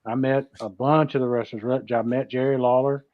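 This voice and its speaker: A man talking easily in a casual chat, quick to laugh. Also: mid-range voice, fairly even intonation, no room sound, muffled recording.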